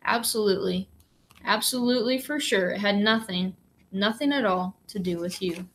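A woman reading a soft-spoken, halting father. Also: mid-range voice, a little hiss or hum, natural voice. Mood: tender. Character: gentle, quietly emotional father.

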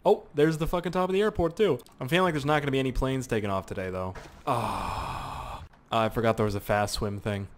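A young man giving casual, excitable commentary while playing a video game, swearing and exclaiming often. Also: mid-range voice, brisk. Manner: excitable and profane, frequent exclamations and laughs. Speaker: gameplay commentator.

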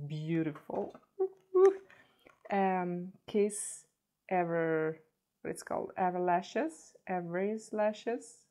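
A woman with a deep voice, a beauty vlogger, chats casually while unboxing gifts. She gushes throughout, repeating words in her excitement.

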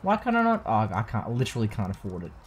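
A man's voice: fairly low pitch, rapid-fire, a little hiss or hum. A young man casually commentating a video game playthrough, joking and swearing freely. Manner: profane, joking, animated. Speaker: let's play host.

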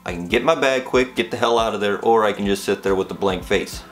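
Young man rambling in a low voice. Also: fast talker, soft background music. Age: young adult. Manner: rambling and animated, heavy on filler "like". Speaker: vlogger. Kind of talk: casual storytelling vlog.

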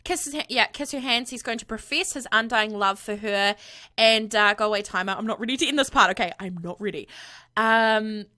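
A woman giving bubbly, gushing let's-play commentary on a USB condenser microphone, often squealing with excitement. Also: fairly high pitch, fairly quick. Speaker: gaming video creator.

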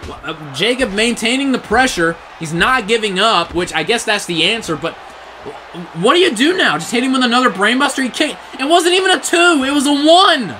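A man giving excited play-by-play wrestling commentary, often shouting in disbelief, his voice getting strained. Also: very high-pitched, moderate pace, slight background noise, rough recording.

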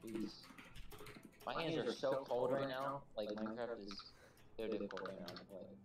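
A man's voice: mid-range voice, normal speed, darkish tone. A man playing a block-building game online, joking and teasing his friends in casual chat. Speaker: game player. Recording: echoey room with noise.

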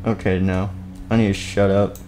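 A man's voice: low voice, level tone, normal speed, warm tone, a little hiss or hum. A young man narrating a game role-play on a live stream, rambling, goofy and often cutting himself off, into a desk microphone. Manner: rambling, self-interrupting, goofy.

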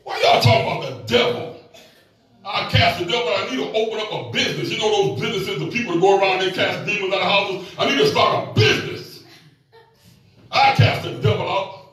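Animated older preacher, high voice, echoey hall. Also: male voice, fairly quick. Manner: animated, folksy, joking storyteller. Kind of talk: sermon with call-and-response. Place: church sanctuary. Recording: echoey church hall from far off, faint music.

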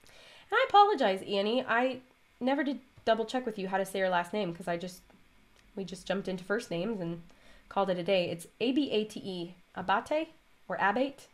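A woman's voice: mid-range voice, a little fast. A woman hosting her stitching vlog, chatting casually and rambling off on tangents while she stitches. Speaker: vlog host and cross-stitch designer.

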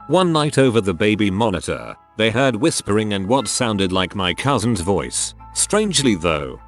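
A man narrating online stories in a steady, even reading style. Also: lowish voice.

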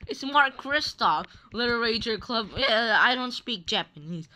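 Young woman, game commentary host; bright, unhurried, playful and teasing. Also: fairly high pitch, animated. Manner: playful, teasing, laughing often. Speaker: gaming channel host. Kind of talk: Roblox gameplay commentary.

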